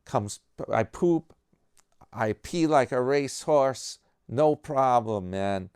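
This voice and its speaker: A man's voice: mid-range voice, expressive, slow pace, darkish tone, clean tone, no echo, studio quality, voice pushed up. A man voicing a boastful old man who brags about his health, told in a raised, sing-song way.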